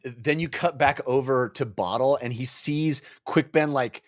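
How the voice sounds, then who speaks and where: A man co-hosting a podcast, chatting excitedly about a book and acting out its characters' lines. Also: medium pitch, normal speed. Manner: excitable, acts out quotes in voices. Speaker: podcast co-host. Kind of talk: casual book discussion.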